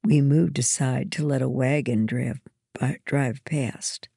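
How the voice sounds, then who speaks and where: A woman reading a children's storybook aloud, slow and measured. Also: extremely low pitch, fairly even intonation, vocal fry, dark tone, slightly rough, no room sound, clean studio sound. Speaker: reader. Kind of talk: storybook narration.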